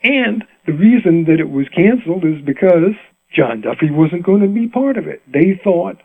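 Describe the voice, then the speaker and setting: An older man tells stories in a relaxed interview, chatty, often laughing and restarting his sentences. His voice has a gravelly edge. It comes through a tinny, dry line that sounds like a phone. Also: high-pitched, moderate pace, dry recording. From Rhode Island. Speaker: mandolin player, interview guest. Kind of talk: casual storytelling interview.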